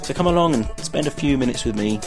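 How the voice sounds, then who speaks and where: A man's voice: medium pitch, expressive, quick pace, over music. A man recording a friendly promo for his own podcast. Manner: friendly, folksy. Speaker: podcast host sending a promo.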